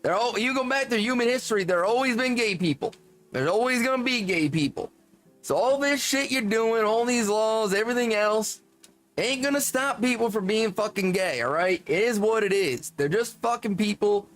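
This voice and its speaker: A man doing a burly, gray-bearded old country man with a thick Southern US country drawl, fed up and ranting bluntly with plenty of swearing. The voice sits a bit higher than an ordinary man's. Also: expressive, moderate pace, fairly bright tone, faint music behind.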